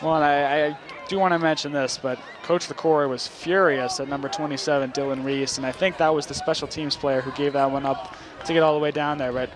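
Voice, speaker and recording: A young man calling high school football play-by-play, rising with excitement on big plays. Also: brisk, hardly any pauses. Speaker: play-by-play commentator. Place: outdoor football stadium. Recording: crowd and noise outdoors at a stadium.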